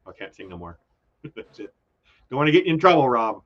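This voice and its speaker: A man's voice: medium pitch, sing-song, brisk, muffled recording. An older man with a New York accent, chatting casually as a guest on a livestream and laughing often.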